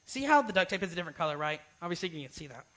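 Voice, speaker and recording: A man's voice: high-pitched, big pitch swings, very fast, pushed and bright, rough recording. A young man giving a casual youth sermon, informal and often asking "right?". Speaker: youth speaker.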